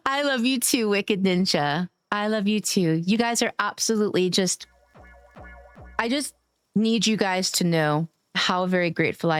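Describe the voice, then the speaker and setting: A woman's voice: lowish voice, clean tone, no echo, clean studio sound. A woman streamer chatting casually while gaming, affectionate and gushing, cursing now and then.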